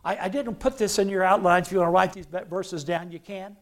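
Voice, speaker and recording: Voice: medium pitch, fairly even intonation, fairly quick. A pastor preaching a sermon to a church, stressing phrases by repeating them and leading the congregation in call-and-response.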